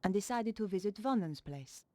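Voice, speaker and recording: A woman's voice: mid-range voice, animated, normal speed, dark tone, no room sound, lightly acted. An actress voicing a female journalist heroine, narrating her thoughts in a dry, matter-of-fact way. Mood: calm.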